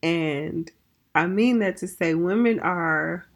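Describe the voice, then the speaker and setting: A woman's voice: fairly low pitch, takes it slowly. A woman co-hosting a podcast in casual chat, laughing often and asking her co-host questions.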